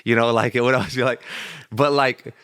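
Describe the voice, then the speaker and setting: A man's voice: medium pitch, fairly even intonation, fairly quick, a bit bright, clean tone, no echo, clean studio sound. A man speaking as a podcast guest, chatting casually and rambling, with his sentences full of "like".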